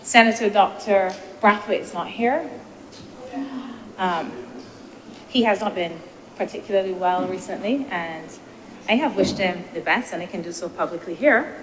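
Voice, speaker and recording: Woman, senator, measured debate speech, long chamber reverb, faint background hiss. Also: medium pitch. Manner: measured, deliberative, poses rhetorical questions. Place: legislative chamber.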